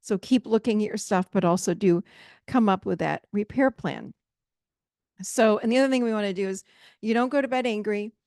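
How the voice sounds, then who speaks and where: On her solo podcast, a relationship coach speaks straight to listeners she calls "you guys," emphatic, direct, and conversational. Her mid-pitched voice has a gravelly fry and a slightly mellow quality, at a moderate pace, recorded close and dry.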